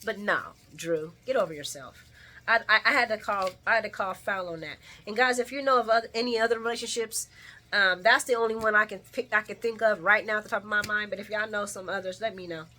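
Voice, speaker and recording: A woman doing a casual soap opera recap vlog, talking to viewers in a heated, animated, profane way. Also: medium pitch, fairly quick. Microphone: camera mic.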